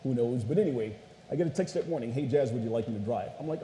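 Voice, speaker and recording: A man's voice: medium pitch, animated, racing, dark tone. A man preaching a casual storytelling sermon, chatty and playful, often saying "you guys" to the crowd. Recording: echoey hall with faint noise.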